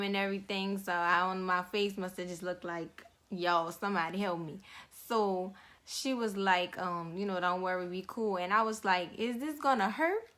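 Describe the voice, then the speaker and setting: Bright, slangy young woman telling a story. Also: on the high side. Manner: slangy, conversational, lots of fillers. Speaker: YouTuber telling her own story. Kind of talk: casual storytime vlog.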